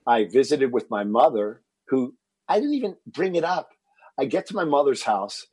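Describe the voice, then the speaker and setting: A man in his fifties from Texas, telling a personal story as a guest in an interview, animated and getting louder as he relives the moment. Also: medium pitch, moderate pace, husky, dry recording, rough recording. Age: 50s. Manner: animated storyteller, rises to shouting when reliving anger. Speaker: fitness entrepreneur guest.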